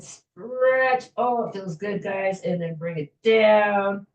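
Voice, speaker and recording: Gentle woman leading a stretching class. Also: mid-range voice, slow pace, few pauses, distant mic, lo-fi sound. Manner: gentle, chatty, self-joking with little laughs. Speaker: fitness instructor. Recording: echoey room, voice from afar.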